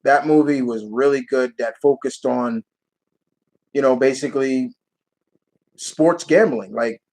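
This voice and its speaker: A man's voice: mid-range voice, a little slow, darkish tone, low-quality recording. A man hosting a live Q&A stream, answering viewer questions in a rambling, casual way and laughing as he retells movie scenes.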